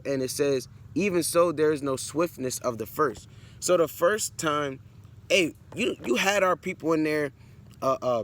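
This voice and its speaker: A man's voice: a little high, a bit bright. Blunt man preaching from scripture. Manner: blunt, conversational preaching, peppered with "all right" and "man"; reads scripture aloud, then explains it. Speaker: Bible teacher. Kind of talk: street-style Bible teaching.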